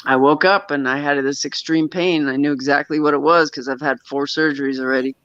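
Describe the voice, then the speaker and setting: A man tells a personal story in a casual, rambling way. He keeps circling back, restarting sentences and laughing nervously. His voice sits a bit high and sounds sharp and tense, and it comes through dry and dull, like a lo-fi recording. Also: steady tone, brisk, smooth, no room sound. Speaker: guest telling a personal story.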